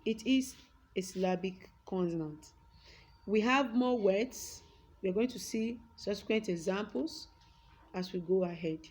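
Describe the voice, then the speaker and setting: Young Nigerian woman, English teacher at the board, middle pitch, slow deliberate stress on key words. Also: darkish tone. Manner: slow, drawn-out words when stressing a point; repeats example words aloud. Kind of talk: classroom lesson with a whiteboard.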